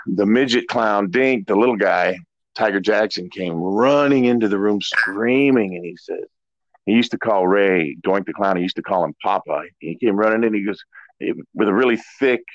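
A middle-aged man, a former wrestler, telling stories in a relaxed, rambling way as an interview guest. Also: sits low, no room sound. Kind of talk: casual storytelling interview. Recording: dull lo-fi dry audio.

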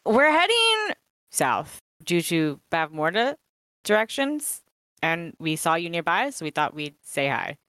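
A woman plays her character at the table with a playful, giggly manner. Her voice leaps around in pitch with plenty of life. It is recorded close and dry. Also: sing-song, unhurried, sharp tone, no room sound. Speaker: player. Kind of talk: playing a character in a tabletop game.

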